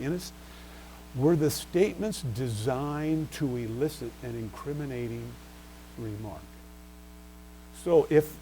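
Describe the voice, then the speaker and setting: A man delivers a law review lecture in a mellow, relaxed voice, posing questions to his listeners and answering them himself. He leans on key terms and spells out case names, and a faint hum sits under the recording. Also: mid-range voice, poor audio. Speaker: bar exam lecturer.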